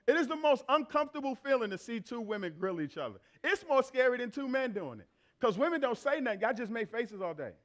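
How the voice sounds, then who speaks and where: High-voiced man preaching a sermon. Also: big pitch swings, fast. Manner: emphatic, repeats phrases for effect; conversational, acts out everyday exchanges. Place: church in front of a congregation.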